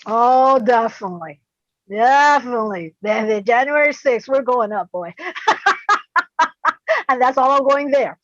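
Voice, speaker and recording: A woman guest on a video call interview, warm and effusive, dropping in Spanish words. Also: on the high side, lively intonation, measured pace, pauses often, no echo, highs cut off. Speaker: guest influencer.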